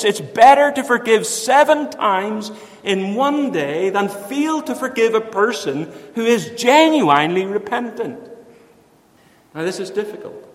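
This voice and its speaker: A man preaching a sermon in an earnest way. He lifts his voice for emphasis and then drops to a hushed voice to tell a story. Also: high voice. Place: church. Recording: echoey church hall.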